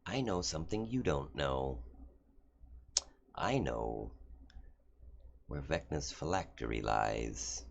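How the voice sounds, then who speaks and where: A scheming archdevil with a British accent, as a man puts him on. He talks in a fussy, lawyerly mutter that swoops up and down, in a deep, gravelly voice. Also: lively intonation, takes it slowly, pauses often, heavily acted. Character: scheming male archdevil, smug and legalistic.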